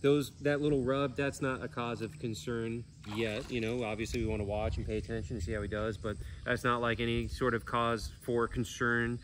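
A man's voice: mid-range voice, flat delivery, moderate pace, few pauses, background noise. A man hosting a sanctuary vlog outdoors, explaining in a loose, casual way with plenty of fillers. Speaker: sanctuary owner and vlog host.

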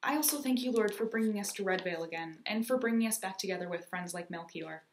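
A woman's voice: mid-range voice, fast, roomy sound, a little hiss or hum, lightly acted. A woman voicing an earnest young boy who prays aloud in a children's story, pleading and sincere. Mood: grateful.

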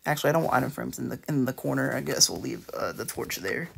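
A man's voice: medium pitch, lively intonation, fast talker, creaky, a bit bright, a little hiss or hum. A man giving casual, rambling commentary while building in a game, full of hesitations and restarts. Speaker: let's play creator.

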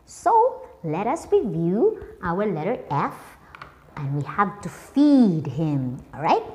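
A woman's voice: on the low side, huge pitch swings, slow pace, a little mellow, slight background noise. A woman preschool teacher giving an online lesson for small children in a playful, sing-song manner.

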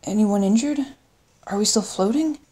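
A woman's voice: mid-range voice, normal speed, mellow, breathy edge, voice pushed up, lightly acted. A woman narrator voicing a male ship captain giving urgent commanding calls in a battle.

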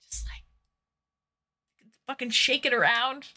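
Chatty woman streamer reading chat out loud, bright slightly high voice, giggly crude jokes. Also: slow. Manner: chatty, reads viewer comments aloud, crude jokes, giggly. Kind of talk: casual livestream chat while painting.

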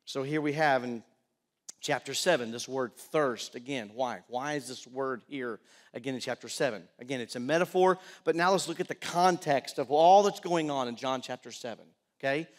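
A middle-aged man preaching a sermon as pastor, moving between loud pleading and quiet, personal storytelling. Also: mid-range voice, normal speed.

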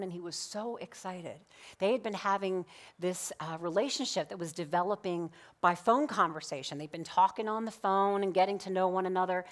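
Middle-aged woman minister, lowish voice, animated storyteller who acts out dialogue, preaching in church. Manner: animated, acts out quoted dialogue, laughs often. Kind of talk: sermon with personal storytelling. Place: church sanctuary.

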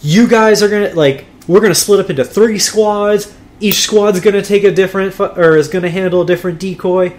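A man's voice: sits high, brisk, voice pushed up, natural voice. A man voicing a male police detective briefing his squad, bossy and profane. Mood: commanding.

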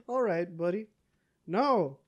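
A man giving casual let's-play commentary, talking back to the game's characters, cursing and breaking into yells. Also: fairly high pitch. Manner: excitable, curses, talks back to game characters, yells in bursts. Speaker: gaming YouTuber.

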